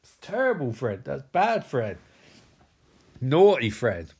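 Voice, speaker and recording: A man's voice: medium pitch, wildly swooping pitch, slow pace, darkish tone, slightly rough. A man giving a comedic film recap, sarcastic, incredulous and full of swearing. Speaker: movie recap commentator.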